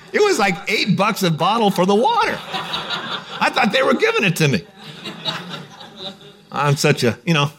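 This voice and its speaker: A man preaching a sermon in a conversational, joking storytelling way. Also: high voice. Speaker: pastor.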